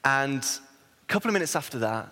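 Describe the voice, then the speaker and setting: A man, an assistant pastor giving a sermon, telling a self-deprecating story in an animated way. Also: mid-range voice, normal speed. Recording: reverberant hall.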